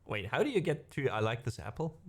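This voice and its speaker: A middle-aged man with a German accent has a husky, medium-pitched voice with big pitch swings, talking a little fast. As a musician, he chats casually with stream viewers and live chat, rambling with many fillers.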